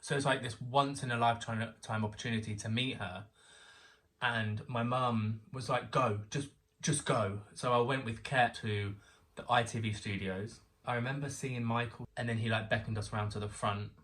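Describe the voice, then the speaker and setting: A young man from England telling an excited story as a guest, acting out the voices of people he quotes. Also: medium pitch, normal speed, distant mic. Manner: excitable, animated storyteller who acts out quotes. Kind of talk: casual storytelling chat.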